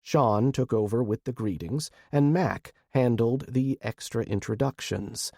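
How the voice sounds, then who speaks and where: Male narrator, mellow dark tone, dry booth, steady first-person audiobook read. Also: mid-range voice, a little slow, dry recording.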